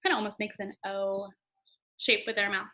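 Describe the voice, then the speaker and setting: A woman's voice: mid-range voice, flat delivery, moderate pace, pushed and bright, low-quality recording. A woman teacher giving a recorded phonics lesson to young children, friendly and chatty, stretching out example words. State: throat tickle, clears throat often. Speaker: elementary school teacher.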